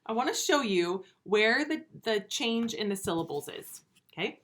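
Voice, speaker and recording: A woman teaching first graders in a recorded video lesson, speaking slowly and clearly, stretching words out and asking patient, encouraging questions. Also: fairly high pitch, big pitch swings, a bit bright, slight background noise. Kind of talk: remote video lesson for young children.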